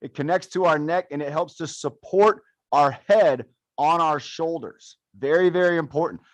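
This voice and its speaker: A man's voice: a little high, normal speed, no room sound. A young man coaching a live adaptive fitness class, counting reps and cheering people on in an upbeat, playful way. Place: fitness studio.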